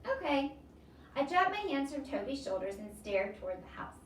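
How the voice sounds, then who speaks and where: A teacher reading a novel aloud in an expressive storybook voice. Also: female voice, medium pitch, a little fast, slight background noise. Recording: echoey room, distant mic.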